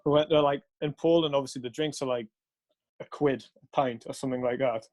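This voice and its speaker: A man's voice: mid-range voice, steady tone, brisk, a little mellow. A young man casually telling a rambling story, swearing often and laughing along. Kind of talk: casual chat.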